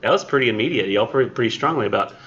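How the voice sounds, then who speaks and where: Guy teaching college english, chatty and sarcastic, bright tone, kinda muffled recording. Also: mid-range voice, animated, rapid-fire. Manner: chatty, wry, sarcastic asides. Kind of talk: casual classroom lecture. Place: college classroom.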